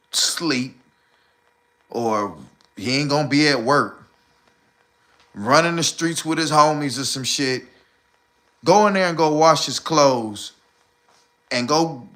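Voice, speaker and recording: Male livestream host, AAVE, blunt preachy delivery with heavy profanity; bright, fairly high voice. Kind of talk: casual livestream rant.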